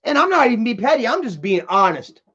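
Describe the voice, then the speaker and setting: A man's voice: very high voice, sing-song, fast, sharp tone, slightly rough, highs cut off. A man livestreaming from home, reading chat messages aloud and ranting in a heated, profane way. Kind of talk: casual livestream rant.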